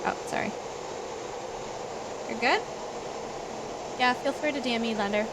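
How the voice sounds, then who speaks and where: A woman chats casually on a game livestream, apologizing and laughing as she goes. Her voice sits a little high. A steady air-conditioning hum runs clearly behind her. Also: a little slow. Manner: chatty, apologetic, laughs easily. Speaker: livestreamer playing a flight simulator. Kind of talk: casual stream chat.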